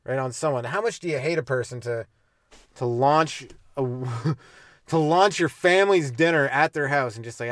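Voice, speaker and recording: A man's voice: medium pitch, normal speed, dry recording. A young man from Canada hosting a comedy podcast, ranting on his own, swearing and acting out little scenes in mock voices. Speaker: podcast host, stand-up comedian. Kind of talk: solo comedic rant.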